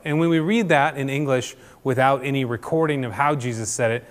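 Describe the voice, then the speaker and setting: A man's voice: medium pitch, a little fast. Chatty male preacher in a reverberant hall. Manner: chatty, often asks "right?". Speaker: church speaker. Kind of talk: conversational sermon.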